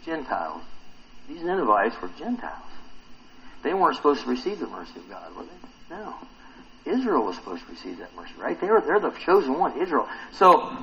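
A man with a gravelly, mid-range voice preaches an animated sermon, quizzing the congregation and performing the quotes he reads. The recording sounds muffled.

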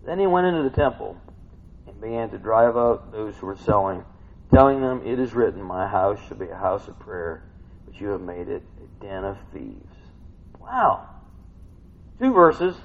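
A man preaching a sermon, swinging between hushed reading and loud excited outbursts. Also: medium pitch, normal speed, breathy edge. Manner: animated, swings from hushed to shouting. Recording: dull lo-fi recording.

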